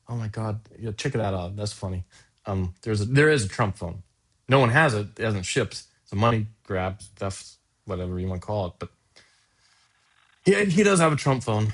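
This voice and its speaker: A man's voice: fairly low pitch, moderate pace. A man hosting a podcast, talking casually in a sarcastic, rambling way that keeps interrupting itself. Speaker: podcast host.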